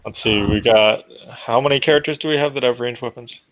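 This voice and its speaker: A man's voice: medium pitch, a little fast, a bit bright, no echo, low-quality recording. A man playing a tabletop game, thinking aloud and trailing off. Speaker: player. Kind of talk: casual tabletop play.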